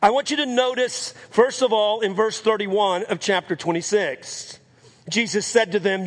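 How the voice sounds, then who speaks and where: A man's voice: sits high, steady tone, moderate pace. A man preaching a sermon as pastor, repeating phrases for emphasis and calling out "Amen?" to the congregation.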